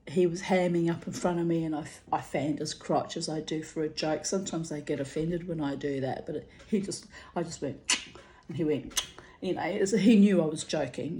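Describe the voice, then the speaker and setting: A woman's voice: sits low, dark tone. An older woman, rambling through a personal story in a chatty way, laughing often. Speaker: vlogger.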